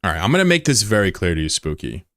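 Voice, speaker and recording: A man's voice: sits low, sing-song, very fast, fairly bright tone, no room sound, studio quality. A man livestreaming, talking casually to his chat and bluntly, heatedly scolding a viewer. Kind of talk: casual live-stream talk to chat.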